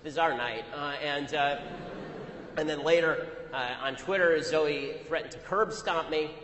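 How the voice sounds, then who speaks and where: A man delivering an anecdotal, argumentative speech to an audience, telling his story rapidly. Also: on the high side, fairly bright tone, a little hiss or hum. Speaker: public speaker. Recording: echoey hall, long reverb.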